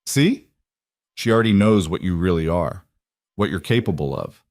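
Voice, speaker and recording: A man's voice: low voice, lively intonation, normal speed, a little mellow, dry recording, clean studio sound. A man voicing a cruel, sneering young werewolf villain who mocks his brother in an audiobook. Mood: taunting. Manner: taunting, mocking.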